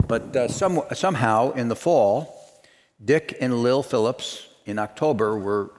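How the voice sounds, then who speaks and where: A man's voice: mid-range voice, expressive, unhurried, darkish tone, slight background noise. A man preaching a sermon, telling a story and then building to emphatic, repeated declarations. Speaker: pastor. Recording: reverberant hall.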